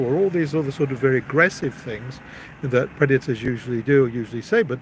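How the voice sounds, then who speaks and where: A man's voice: medium pitch, expressive, a little fast, slight background noise, rough recording. A man hosting a live stream, telling a story in a casual, rambling way. He often stops and repeats words as he goes.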